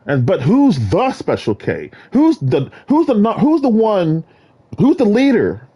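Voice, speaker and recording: A man rambling in a solo vlog monologue, jumping between topics and bursting into sudden excited exclamations. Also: high voice, measured pace, slightly rough, dull audio. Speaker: vlogger.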